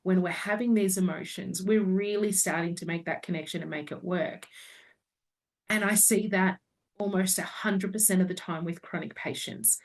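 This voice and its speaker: A woman's voice: on the low side, steady tone, normal speed. A woman in her forties, a naturopath guest talking through her clinical experience in an earnest, explaining way. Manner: earnest, explains at length with own examples. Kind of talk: casual podcast chat. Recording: voice a bit distant from the mic.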